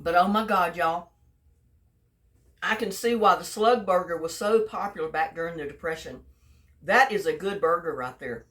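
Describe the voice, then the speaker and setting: A woman's voice: on the low side, moderate pace, a bit bright, distant mic. A woman talking through a home cooking video in a folksy, chatty way, speaking straight to her viewers. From Texas. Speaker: home cook. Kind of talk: casual cooking vlog.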